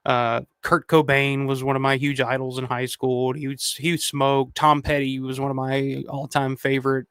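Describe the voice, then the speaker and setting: A man's voice: mid-range voice, level tone, normal speed, few pauses, a bit bright, smooth, no echo, studio quality. A man in his thirties hosting a casual livestream, reading viewer comments and rambling with lots of swearing and restarts. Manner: rambling, profane, many restarts. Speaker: channel host.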